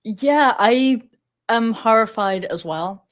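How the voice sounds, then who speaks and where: A woman from England with a Sheffield accent softened by years in America, talking animatedly as an interview guest and often laughing. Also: fairly high pitch, slow. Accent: Sheffield English with a slight American twist. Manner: animated, laughs often, puts on voices to quote others. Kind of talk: conversational interview.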